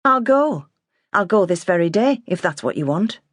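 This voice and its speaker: A woman plays a sharp, defiant nineteen-year-old farm girl. Her voice rides higher than the narrator's own and snaps back with sarcasm, in a dry storybook reading. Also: big pitch swings, normal speed, no room sound.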